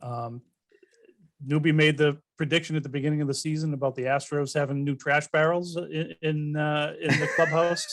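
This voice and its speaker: A man's voice: fairly high pitch, little pitch movement, moderate pace. A man co-hosting a casual sports podcast, giving his picks with teasing jokes. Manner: joking, teasing asides. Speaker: podcast co-host.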